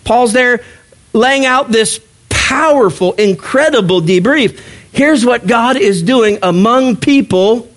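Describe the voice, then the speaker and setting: A man preaching a sermon as pastor, in a conversational, animated style that slips into mock voices. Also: very high voice, slow pace.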